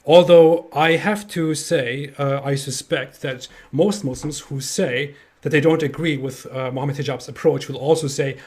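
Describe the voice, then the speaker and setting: Sarcastic man with halting restarts. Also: on the high side, fairly even intonation, darkish tone. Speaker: co-host. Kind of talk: casual live-stream chat.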